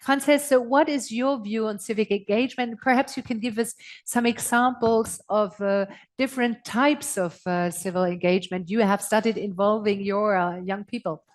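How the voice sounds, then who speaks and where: Polite woman moderating a panel. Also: medium pitch. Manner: measured, polite, occasional filler sounds.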